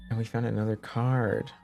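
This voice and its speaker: A man's voice: mid-range voice, gravelly, darkish tone. A man in his twenties from Canada, chatting casually with his live-stream viewers and answering their questions with lots of fillers and restarts.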